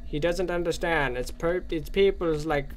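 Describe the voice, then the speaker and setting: A man hosting a gaming channel, giving excitable let's play commentary on a horror game and ranting at it in jest. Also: a little high, moderate pace.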